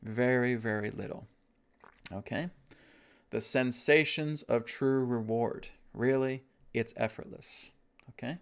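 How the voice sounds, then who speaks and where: A man teaching a spiritual self-help lesson, guiding breathing in a slow, soothing way and often checking in with "right?". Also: medium pitch, clean tone. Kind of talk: guided self-help talk.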